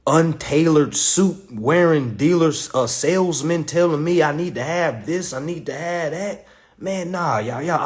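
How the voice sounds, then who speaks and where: Profane, animated man teaching credit. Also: mid-range voice. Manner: profane, joking, animated, addresses the audience as y'all. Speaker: credit and consumer law teacher. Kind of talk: casual live class.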